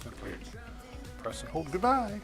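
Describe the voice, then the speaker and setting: A man's voice: high voice, sing-song, normal speed, music in the background. A man hosting a live shopping stream, chatting casually and greeting viewers by name as he demos products. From Canada.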